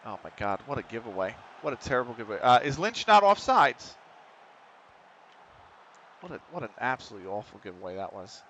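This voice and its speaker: Calling a football management game live, an excitable man swears freely and talks directly to his on-screen players. His bright, forceful, medium-pitched voice comes through with the highs cut off and slight background noise.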